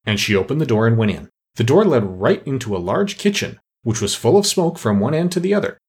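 A man narrating an audiobook with an expressive, varied delivery. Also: mid-range voice, a little fast, breathy edge.

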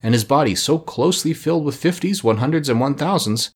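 A man narrating a storybook chapter in an expressive, lively way. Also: on the high side, brisk, slightly rough. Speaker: audiobook narrator. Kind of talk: scripted narration.

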